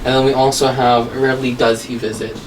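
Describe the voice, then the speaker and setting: A woman's voice: a bass voice, flat delivery, fairly quick, far from the mic. Brief: female English teacher mid-lesson, chatty tag questions, mic set back from her with faint room hum. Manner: checks in constantly with "okay?" and "right?". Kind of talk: grammar lesson, explaining.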